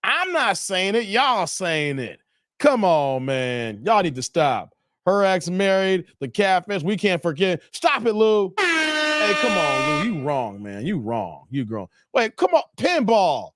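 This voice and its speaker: Lively man hosting a live stream. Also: high voice, slow, no echo, studio quality. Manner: laughing, animated banter with chat. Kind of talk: casual live stream chat.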